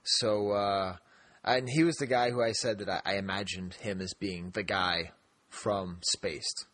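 Man, podcast co-host, casual chat, husky breathy voice, dry close sound, rambling and laughing. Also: on the low side, fairly even intonation, measured pace, fairly bright tone, no room sound. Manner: rambling, laughs often, many restarts.

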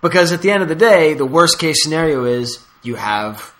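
This podcast host's voice is on the high side and fairly bright, with lively intonation and a moderate pace. Chatting casually, he meanders through stories, laughing and adding asides along the way.

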